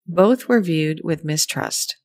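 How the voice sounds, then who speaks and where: A woman reading a scripted documentary narration in an even, measured way. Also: sits low, no echo, studio quality.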